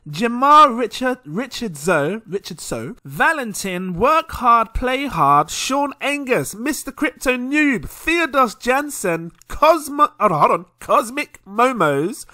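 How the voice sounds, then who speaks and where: A man's voice: extremely high pitch, big pitch swings, slow, hardly any pauses, pushed and bright. A man hosting a crypto channel, reading out supporters' names in a casual, chatty way, stumbling and laughing at himself. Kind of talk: casual shout-outs to supporters.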